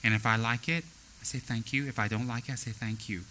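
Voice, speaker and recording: Man giving a dharma talk, really bright edgy voice, blunt and animated. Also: medium pitch, fast talker, slight background noise, poor audio. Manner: animated, mimics people in quoted asides; blunt, straightforward admonishing. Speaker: spiritual teacher.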